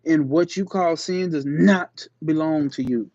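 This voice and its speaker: A somewhat high-voiced man reads a spiritual text aloud, leaning hard on key phrases and often repeating them. He breaks off into loose, slangy commentary to his listeners. The recording is dry and a little dull. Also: darkish tone, no room sound. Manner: slangy asides between slow emphatic reading. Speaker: channel host. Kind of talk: reading aloud with casual commentary.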